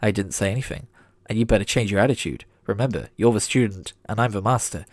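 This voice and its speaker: A man's voice: fairly low pitch, fast talker, a little mellow, no echo, lightly acted. A man reading aloud the lines of a bossy, easily irritated male vampire mentor in his own plain voice.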